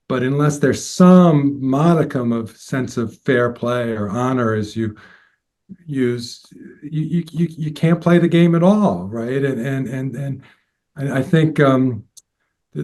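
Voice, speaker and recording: A male law professor talks through ideas in a podcast discussion. He speaks haltingly and repeats words as he thinks. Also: medium pitch, a little mellow.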